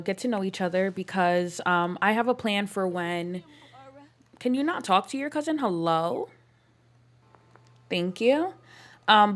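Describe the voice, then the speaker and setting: A woman giving casual, rambling commentary on a life-sim playthrough, with lots of fillers and playfully exasperated asides to her characters. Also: medium pitch. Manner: chatty, rambling, filler-heavy with frequent "um" and "like". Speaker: game streamer narrating a life-sim playthrough.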